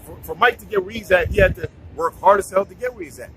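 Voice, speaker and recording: A man's voice: high-pitched, fast, soft background music, rough recording. A man giving a casual scripture talk, preachy, repeating himself and restarting his sentences. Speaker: bible teacher.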